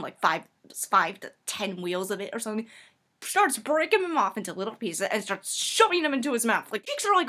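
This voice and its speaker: A woman telling a comedic story in a chatty way, full of fillers. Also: a little high. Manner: animated, chatty, many fillers like "like".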